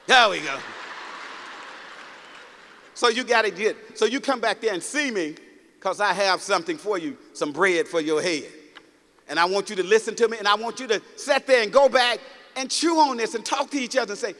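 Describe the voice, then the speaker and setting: A man with a high, bright, ringing voice delivers a motivational talk to a packed auditorium. He speaks in a storytelling, preachy way and keeps calling out to the crowd. His words carry a long echo through the hall, and audience laughter rises now and then. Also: normal speed. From Mississippi, United States. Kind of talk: motivational speech. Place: large auditorium.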